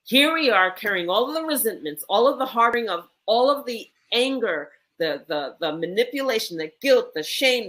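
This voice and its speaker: A woman who is a medicine woman, telling an animated, emphatic story in a conversation. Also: a little high, fairly quick.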